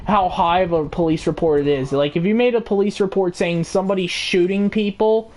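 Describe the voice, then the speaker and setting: A woman's voice: on the low side, fairly quick, a little mellow. A woman casually telling a rambling, filler-heavy story while playing a video game. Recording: game noise with gunfire behind.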